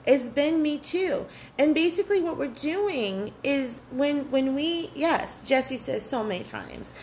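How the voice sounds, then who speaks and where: A woman's voice: high-pitched, lively intonation, slow pace, low-quality recording. Woman host of a spiritual workshop, earnest and candid, swears a lot, faint hiss behind her. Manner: earnest, candid, swears freely, repeats phrases. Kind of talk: live online workshop talk.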